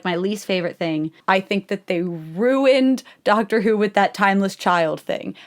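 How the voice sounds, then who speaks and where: Sarcastic young woman video essayist. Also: mid-range voice. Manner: sarcastic, exasperated, heavy use of "like". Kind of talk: casual commentary.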